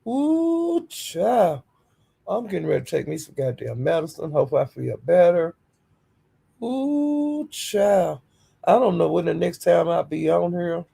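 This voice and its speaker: A woman's voice: low-pitched, normal speed, vocal fry, warm tone, breathy edge. A woman hosting a casual livestream, greeting viewers by name and speaking bluntly and defiantly. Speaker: livestream host.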